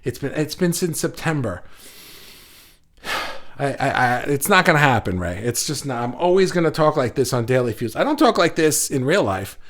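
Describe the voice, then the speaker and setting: A man hosting a casual livestream, talking excitedly to viewers and reading their comments, halting often with restarts. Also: medium pitch. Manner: says he talks fast when excited. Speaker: livestream host. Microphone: phone.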